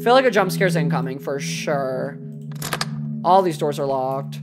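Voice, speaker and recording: A young woman streaming a horror game, talking to chat and reacting loudly, with lots of swearing. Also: low-pitched, measured pace, music in the background. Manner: animated, swearing, dramatic scared outbursts. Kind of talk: live gameplay commentary.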